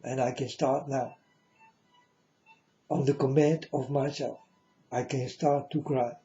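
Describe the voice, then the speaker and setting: A man giving a mournful prophetic warning monologue, slowly speaking straight to his listeners and calling them folks. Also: medium pitch, level tone, dark tone. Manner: slow, mournful, repeatedly addresses listeners as folks. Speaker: self-styled prophet. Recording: dull lo-fi audio.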